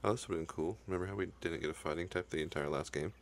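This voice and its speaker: A man's voice: deep voice, racing, slight background noise. A young man narrating his own video game run, cursing the game and talking in a frustrated, profane way. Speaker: gaming YouTuber. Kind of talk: profane Let's Play commentary.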